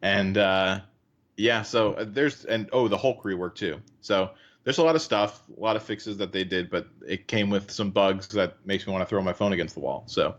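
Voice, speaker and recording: A man's voice: low-pitched, moderate pace, muffled recording. A man co-hosting a casual gaming podcast, easygoing and rambling, laughing often. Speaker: podcast co-host.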